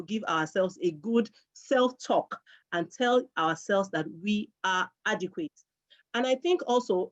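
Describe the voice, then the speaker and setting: A middle-aged woman giving earnest parenting advice in a conversational talk, repeating phrases for emphasis. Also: fairly low pitch. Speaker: guest speaker on parenting. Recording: dull lo-fi sound.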